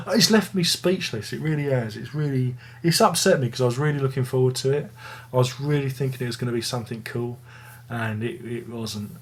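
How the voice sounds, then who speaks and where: A man's voice: medium pitch, brisk, slight background noise. A man hosting a casual music review video, rambling and joking at his own expense. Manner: rambling, jokey, self-mocking.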